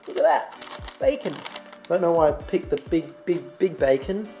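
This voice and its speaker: Speaking at normal speed with a fairly high pitch but dark tone, a young Australian adopts a fake American accent while cooking in his home kitchen. The casual vlog is rambling and self-deprecatingly jokey, recorded on a handheld phone camera over faint music and sizzling bacon, with poor sound.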